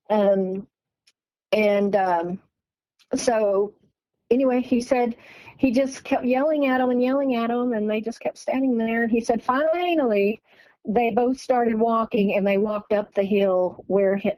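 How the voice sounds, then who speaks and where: A woman recounts a personal story to an interviewer, her voice sitting a little higher than most. She keeps switching between "he goes" and "I said," and her pitch climbs when she acts out the quotes. The sound is dry and close, with no room echo. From East Texas. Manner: retells dialogue with many "he goes" and "I said"; animated, rises in pitch when quoting. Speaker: guest telling her encounter story.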